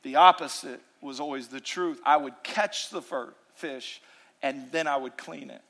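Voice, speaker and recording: A man preaching a sermon as pastor, animated, swinging between loud, emphatic lines and hushed, intimate ones. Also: medium pitch, unhurried, vocal fry.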